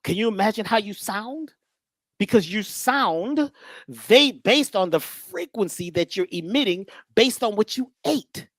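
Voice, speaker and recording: Animated, storytelling woman lecturer. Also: medium pitch, measured pace, dry recording. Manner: conversational, animated, acts out voices.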